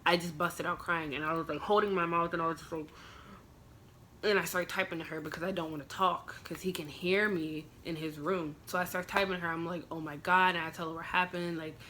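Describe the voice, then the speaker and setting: A young woman tells a personal story straight to her vlog audience, her voice sitting on the low side. She talks in a loose, emotional ramble packed with "like" and "I'm just like," reliving the moment as she goes. There is a faint hiss of noise under her voice. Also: steady tone, fairly quick, pushed and bright. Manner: emotional retelling, full of "like" fillers. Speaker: vlogger.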